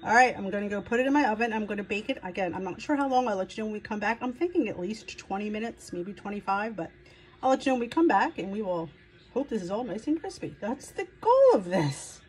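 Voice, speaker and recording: A woman from the United States, medium in pitch and a little mellow, talks quickly with lively intonation while hosting a home cooking video. She rambles chattily through the recipe, and the audio quality is poor.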